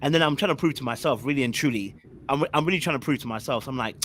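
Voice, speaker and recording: A young man telling a story on a podcast panel. He talks in animated bursts of slang and keeps repeating himself. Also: medium pitch, rapid-fire, slight background noise. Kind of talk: casual storytelling.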